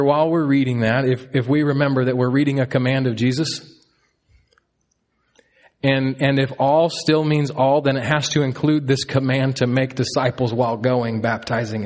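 A man in his thirties delivers a sermon with earnest conviction. His voice sits at a middle pitch. He repeats key lines to drive them home. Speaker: pastor.

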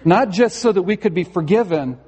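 A man's voice: high voice, lively intonation, brisk, a little mellow, slightly rough. A male pastor preaching a sermon in a church sanctuary, earnest and conversational, with a touch of storytelling humor. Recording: long hall reverb.

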